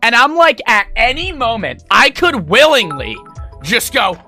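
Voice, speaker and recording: A man's voice: very high voice, wildly swooping pitch, a little slow, pushed and bright, faint music behind. A young man streaming, telling a rambling, profane story to his chat. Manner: rambling, profane, full of fillers.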